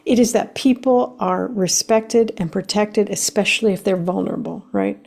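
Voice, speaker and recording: A woman's voice: mid-range voice, normal speed, creaky, a little mellow. A woman hosting a solo podcast lesson about emotions, speaking emphatically, stacking lists of words, and laughing lightly between points.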